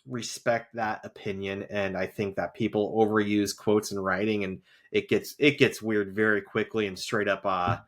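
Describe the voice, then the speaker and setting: A man's voice: on the low side, little pitch movement, normal speed, few pauses. A man co-hosting a casual podcast, talking in rambling runs with many fillers and restarts. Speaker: podcast co-host; teacher who grades essays. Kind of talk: casual rewatch podcast chat.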